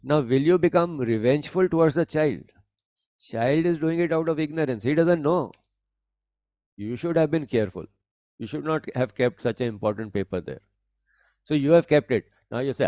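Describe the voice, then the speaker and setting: A man's voice: on the high side, warm tone, no room sound. Man teaching scripture, dull dry recording. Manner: deliberate, explanatory, repeats and rephrases points. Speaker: spiritual teacher. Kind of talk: discourse on scripture.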